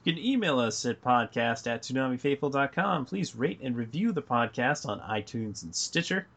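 A man's voice: medium pitch, animated, normal speed, vocal fry, fairly bright tone. Man reading out podcast links. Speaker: podcast host.

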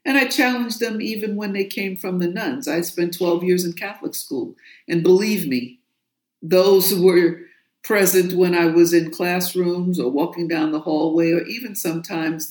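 A woman's voice: on the low side, moderate pace, darkish tone. A woman from New York, an author and guest in an interview, telling her story in a forthright, emphatic way. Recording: roomy echo.

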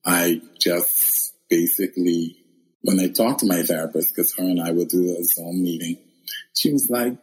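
Low husky man telling his story. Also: normal speed, low-quality recording. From the Bahamas. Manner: expressive, laughs often, acts out quoted voices. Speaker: guest. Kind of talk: casual interview, storytelling.

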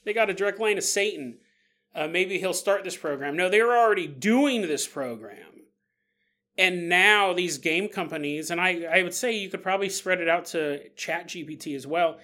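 High-pitched and sharp in tone, a man speaking at normal speed hosts a podcast in a casual, jokey monologue. Frequent laughter punctuates his talk as he acts out quoted people with exaggerated voices.

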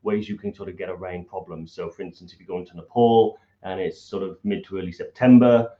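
A man with a Welsh Newport accent talks quickly and casually about travel plans, full of jokey asides. His voice sits low. The audio sounds dull and lo-fi. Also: steady tone, warm tone. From Wales. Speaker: co-host for a trekking trip company. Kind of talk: casual chat and travel advice.

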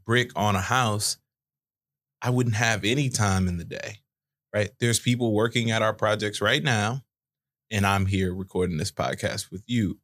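A man's voice: fairly low pitch, fairly bright tone. A man in his thirties co-hosting a casual podcast, explaining his points with analogies. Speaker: podcast co-host. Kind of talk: casual chat.

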